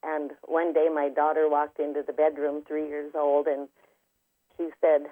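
A woman's voice: deep voice, little pitch movement, a little slow. A woman, a spiritual healer and author, telling her story as a guest in an interview, vivid and detailed. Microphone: telephone. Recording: tinny phone line.

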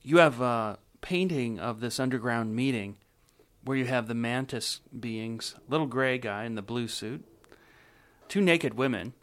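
Man asking measured interview questions. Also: mid-range voice, fairly bright tone.

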